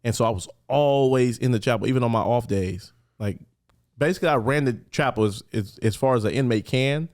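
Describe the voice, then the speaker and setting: A man from Los Angeles talks as a podcast guest, his voice sitting at an ordinary middle pitch. He tells his story in an animated, conversational way, filling his speech with "like" and jumping into character voices for the people he quotes. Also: fairly quick. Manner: animated, acts out quoted voices, many "like" fillers.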